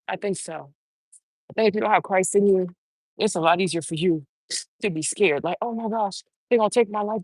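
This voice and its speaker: A woman hosts her own uncensored commentary show, swearing freely and repeating her points with heavy emphasis. She sits close to the mic in a dry, dead room, and her voice is middle-pitched for a woman. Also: no echo. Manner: animated, emphatic, swearing, mimicking others mockingly.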